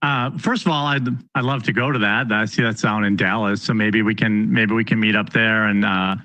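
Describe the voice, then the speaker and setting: Male guest, lowish bright voice, hesitant and joking. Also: steady tone, moderate pace, no echo. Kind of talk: talk show debate.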